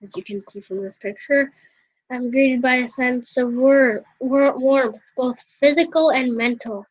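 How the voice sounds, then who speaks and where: High-voiced, slow, chatty woman gamer. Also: dry recording. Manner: self-mocking, chatty. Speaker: let's player. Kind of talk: reading a visual novel aloud with asides. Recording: dull, lo-fi, dry.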